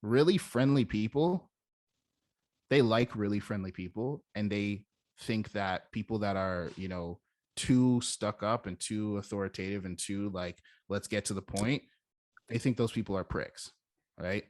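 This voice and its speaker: A man's voice: on the low side, unhurried, darkish tone, no room sound, studio quality. A young man teaching as a sales coach in a casual, emphatic way, demonstrating how stressing different words changes meaning. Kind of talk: casual instructional talk.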